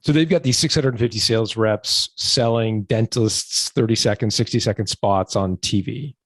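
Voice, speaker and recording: A man's voice: fairly low pitch, normal speed, dry recording. A man hosting a podcast, asking short, curious clarifying questions. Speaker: podcast host, interviewer. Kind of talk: casual interview questions.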